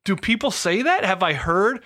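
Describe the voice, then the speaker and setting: Bright-voiced joking man. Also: high voice, animated, normal speed. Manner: jokey, rambling with restarts. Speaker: podcast co-host. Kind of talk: casual chat.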